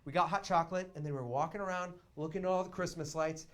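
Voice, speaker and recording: A young man doing stand-up storytelling in a small theater, swinging between quiet asides and loud excited bursts. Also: on the high side, fast. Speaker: comedian.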